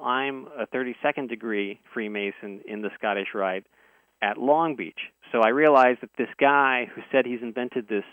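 Heard through a tinny, dry phone connection, this male guest speaks at medium pitch without echo. He recounts a detailed personal story earnestly, as if in conversation.

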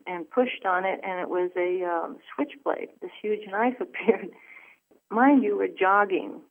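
A woman guest telling a personal story in an earnest, halting way, with many fillers. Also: on the low side, a little hiss or hum. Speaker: phone-in guest. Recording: tinny phone line.

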